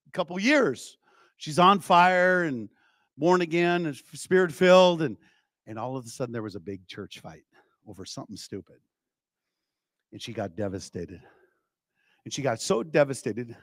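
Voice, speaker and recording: A man's voice: fairly high pitch, no echo. A man preaching a revival sermon, telling a story with frequent call-outs to the congregation. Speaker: evangelist preacher. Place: church.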